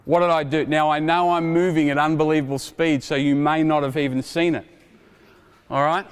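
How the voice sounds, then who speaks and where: A man in his forties coaching basketball players through a drill, energetic and joking as he calls out instructions. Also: on the high side, a little fast, smooth. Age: 40s. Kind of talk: coaching clinic demonstration. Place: indoor basketball court. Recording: reverberant gym hall. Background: basketballs bouncing.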